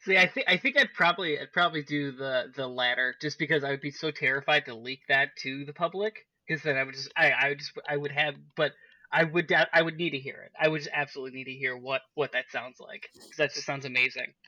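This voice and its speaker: A man's voice: mid-range voice, fairly even intonation, fast, sharp tone, dry recording, dull audio. A young man co-hosting a podcast, rambling in casual chat and breaking into laughter. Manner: rambling, many fillers and restarts, breaks into laughter. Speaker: podcast co-host.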